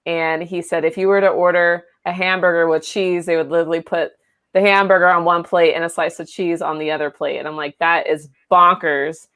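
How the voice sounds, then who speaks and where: A woman's voice: fairly low pitch, fairly even intonation, fairly quick, clean tone. A woman co-hosting a comedy podcast, chatting casually in a rambling way with many fillers. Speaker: podcast co-host.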